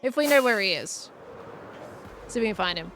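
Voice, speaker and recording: A woman's voice: medium pitch, expressive, brisk, a bit bright, soft background music. A woman chatting casually with her live chat while she plays, thinking aloud as she goes. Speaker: streamer.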